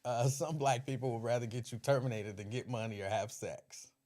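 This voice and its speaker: A former radio host with a Cincinnati-area accent chats casually on his own podcast livestream about his radio years. He laughs often and tells stories in an animated way, speaking briskly in a mid-range voice.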